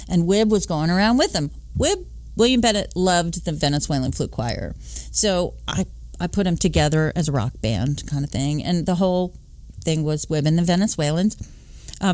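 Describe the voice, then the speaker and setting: A woman in her late fifties, a podcast host from the Philadelphia and New York area, telling a personal story in an animated way. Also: no echo. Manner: animated, acting out dialogue with big pitch swings.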